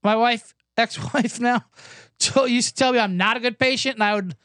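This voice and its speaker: A man's voice: extremely high pitch, normal speed, pushed and bright, no room sound, studio quality. A man hosting a podcast, telling a rambling, self-deprecating comedic story while he recovers from a cough. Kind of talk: comedic casual monologue. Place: indoors, Los Angeles.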